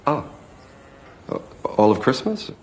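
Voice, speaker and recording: A man's voice: medium pitch, big pitch swings, measured pace. An actor playing a polite, mildly awkward man visiting from a publisher.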